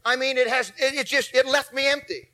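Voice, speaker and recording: A man in his forties preaching a sermon, telling a story with animated swings from shouts to low asides. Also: brisk. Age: 40s. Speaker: pastor.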